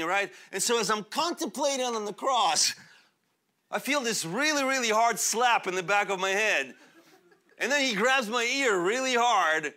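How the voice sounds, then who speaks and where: A young man born in Russia, a pastor preaching a sermon in a church, animated and chatty, laughing often and using many fillers. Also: sits high, a little slow. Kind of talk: sermon with personal storytelling. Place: church sanctuary.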